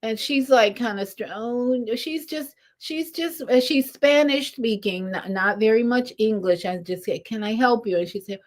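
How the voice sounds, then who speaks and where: An older woman, a spiritual teacher, telling a story in an animated, lively way, her voice swinging between rises and soft drops. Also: fairly high pitch, unhurried, hardly any pauses. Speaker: spiritual teacher leading meditation. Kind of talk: storytelling talk.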